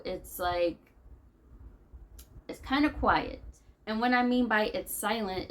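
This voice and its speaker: A woman's voice: fairly low pitch, poor audio. A woman from the United States venting to camera in a rambling, conversational monologue as a vlogger.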